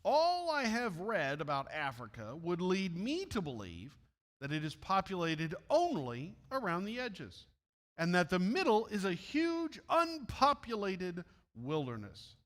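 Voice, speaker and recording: A man's voice: high voice, huge pitch swings, unhurried, fairly bright tone, big-room sound, heavily acted. A man reading as an earnest young missionary. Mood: curious.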